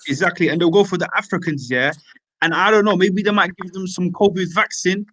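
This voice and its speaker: A young man in casual chat, animated and slangy, stacking filler tags. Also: high-pitched, brisk. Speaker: open mic speaker.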